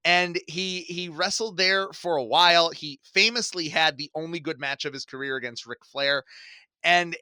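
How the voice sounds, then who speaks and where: Bright-voiced man telling wrestling stories. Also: fairly high pitch, normal speed, dry recording. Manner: animated storyteller, laughs often. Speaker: podcast co-host. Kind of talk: casual chat.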